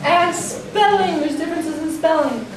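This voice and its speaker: An American woman teaching English, giving a slow, deliberate classroom presentation and laughing lightly between points. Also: very high-pitched, very echoey, recorded from a distance, background noise. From United States.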